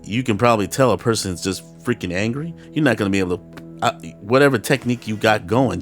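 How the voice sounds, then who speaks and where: Middle-aged male host, deep gravelly voice, profane animated storyteller, faint music underneath. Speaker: podcast host telling a personal story. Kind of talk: casual storytelling monologue.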